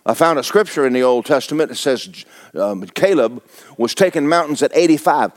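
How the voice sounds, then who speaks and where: Joking seventy-year-old preacher. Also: male voice, animated, normal speed. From Florida. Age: 70s. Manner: folksy, joking, jumps high in pitch for emphasis. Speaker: pastor. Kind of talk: sermon.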